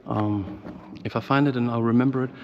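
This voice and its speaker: German-accented man, casual travel vlog, filler-heavy, muffled sound, clear background noise. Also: mid-range voice, fairly even intonation, fairly quick. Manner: rambling, many fillers, hushed inside the church. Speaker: travel vlogger. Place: town square, then inside a church.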